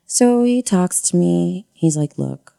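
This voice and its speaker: A woman frankly telling a personal story in casual conversation, animated and full of slang. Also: sits low, moderate pace.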